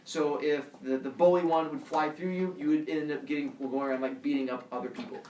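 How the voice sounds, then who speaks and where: A male teacher telling a myth to his class in an animated way, with a camera across a classroom. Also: fairly high pitch, a little fast, distant mic, a little hiss or hum. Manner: animated, acts out every voice. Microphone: camera across the room. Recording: roomy classroom heard from afar.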